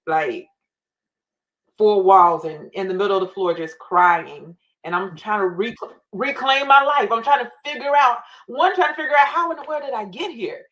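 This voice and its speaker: A woman speaking as a guest on a faith talk show, telling her story with emphatic, animated retellings. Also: on the low side, lo-fi sound. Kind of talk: faith-based interview storytelling.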